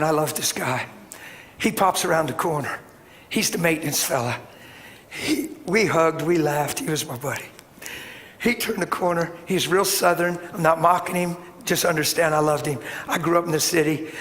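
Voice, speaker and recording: High-voiced preacher man in an echoey hall. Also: normal speed. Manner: animated, acts out voices, builds to shouting. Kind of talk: storytelling sermon. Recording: hall reverb with faint noise.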